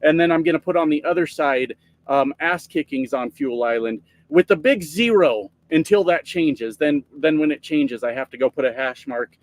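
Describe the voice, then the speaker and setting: A man's voice: fairly high pitch, normal speed. A man casually live streaming from his truck, greeting viewers by name and joking with plenty of profanity. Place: truck cab.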